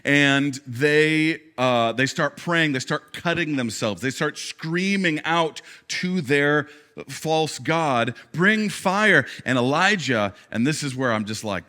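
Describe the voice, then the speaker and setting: A man preaching a sermon as a pastor, telling the story with animated energy, dropping to quiet asides and rising to loud, emphatic peaks, often repeating words as he restarts. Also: on the high side, measured pace. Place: church service.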